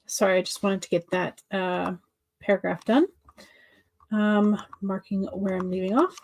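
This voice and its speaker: A woman's voice: medium pitch, level tone, measured pace. A woman hosting a writing-sprint livestream, chatting casually and answering viewer comments with many fillers and restarts.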